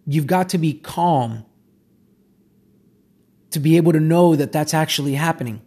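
Male self-help speaker, raspy and high-pitched, casual and insistent. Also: a little mellow. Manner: emphatic, repetitive, conversational. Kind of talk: motivational monologue.

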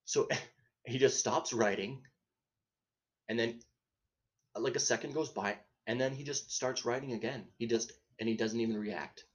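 A man with a mid-pitched voice tells a school story on his podcast, loose and unscripted. He swears freely, stops and restarts his sentences, and laughs at his own punchlines. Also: measured pace, long pauses. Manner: rambling, profane, self-interrupting, laughs at own story. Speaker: podcast host. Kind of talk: casual comedic storytelling.

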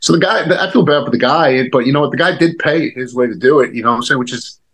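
A man's voice: medium pitch, fast talker, fairly bright tone, rough recording. Rambling man in his fifties. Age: 50s. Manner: rambling, many restarts and fillers, casual swearing. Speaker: guest, former pro wrestler. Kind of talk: casual storytelling chat.

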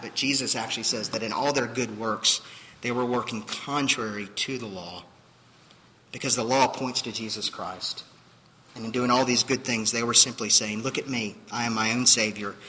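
Preaching emphatically, a male pastor poses rhetorical question after rhetorical question and performs the voices he quotes. His medium-pitched voice comes across pushed and bright, with a long reverb tail on a rough recording.

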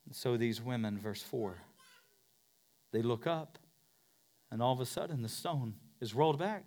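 Guy preaching a sermon, fired up, goes from hushed to yelling and back. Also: medium pitch, unhurried, long pauses. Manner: impassioned preaching, swings from hushed to shouting. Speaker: pastor.

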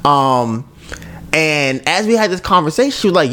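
A man's voice: fairly high pitch, animated, normal speed, bright, forceful tone. A man hosting a podcast, telling a story in a casual chat, laughing often and tagging sentences with "right?". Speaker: podcast host.

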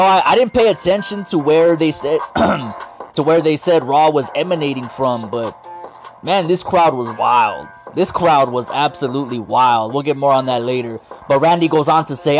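A man hosting a wrestling podcast, talking in a playful, slangy, self-mocking way. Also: mid-range voice. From Latino. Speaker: podcast host. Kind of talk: casual wrestling podcast commentary.

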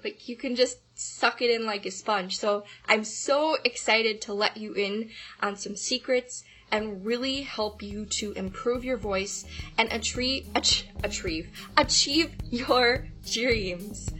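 A woman's voice: fairly high pitch, slow, fairly bright tone, faint music behind. A woman voice teacher giving an upbeat, enthusiastic podcast lesson on singing.

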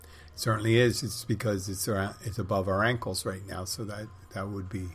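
A middle-aged man with a very low, husky voice talks in a loose, rambling way. His humor is wry and crude, and faint music plays under him. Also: fairly even intonation, fairly quick. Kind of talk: rambling casual monologue.

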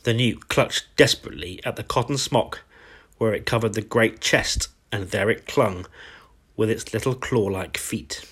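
A man reading a bedtime story aloud, slow and tender. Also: lowish voice, fairly bright tone, breathy edge.

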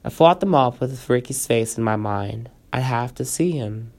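A storyteller reads a first-person tale aloud in a gravelly, mid-pitched voice. The reading stays plain and steady, with casual asides to listeners from time to time. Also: normal speed.

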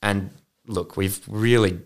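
A man's voice: lowish voice, steady tone, takes it slowly. A man co-hosting a podcast in casual chat, earnest and reflective. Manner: earnest, reflective, says "mate". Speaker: podcast co-host.

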